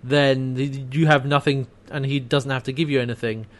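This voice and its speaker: A man's voice: mid-range voice, moderate pace. A man co-hosting a casual chat, recapping a TV episode scene by scene with easy laughs. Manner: relaxed, laughs often, narrates scenes and quotes characters. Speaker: podcast co-host recapping a TV episode.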